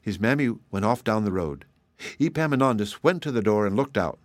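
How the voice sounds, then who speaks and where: A man reading a children's folktale aloud in a measured, expressive storytelling voice. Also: lowish voice, no room sound. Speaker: storybook reader. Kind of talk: scripted storybook narration.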